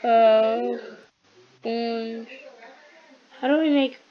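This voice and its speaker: A woman's voice: fairly high pitch, steady tone, drawn-out words, dull audio. A female gameplay host chatting casually and rambling to herself as she crafts. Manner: rambling, talks to self while crafting. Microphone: computer microphone. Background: television playing in the house.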